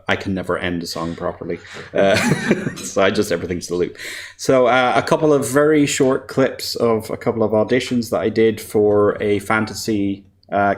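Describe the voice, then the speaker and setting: A man, a composer and voice actor, giving a casual presentation at a developer meetup, relaxed and self-deprecating, often laughing. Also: on the low side.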